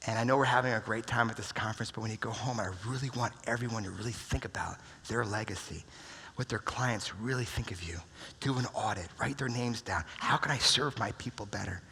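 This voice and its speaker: An American man giving a motivational keynote speech at a conference, telling stories and dropping to a hushed near-whisper at emotional moments. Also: lowish voice, a little fast, breathy edge. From United States. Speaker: keynote speaker. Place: large conference room. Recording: reverberant conference hall.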